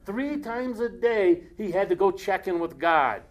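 A man preaching a casual sermon, reading scripture aloud slowly and breaking off into joking asides. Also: high voice, lively intonation.

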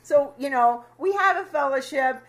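A woman casually teaching a Bible passage to a small fellowship group, chatty and quick to laugh with them. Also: sits high, expressive. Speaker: Bible study leader.

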